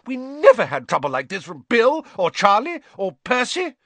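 A man's voice: wildly swooping pitch, slow pace, a bit bright, husky, dry recording, exaggerated voice. A man voicing a plump, furious witch mother who shrieks a scolding tirade in an audiobook. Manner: shrieking tirade, then low deadly whisper. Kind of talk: audiobook character voice.

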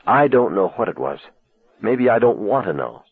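A man's voice: fairly low pitch, very animated, moderate pace, husky, no room sound, exaggerated voice. A man reading aloud, voicing a teenage girl who pleads on the phone, close to tears. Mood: pleading. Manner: pleading, wavering toward tears. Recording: tinny lo-fi cassette sound.

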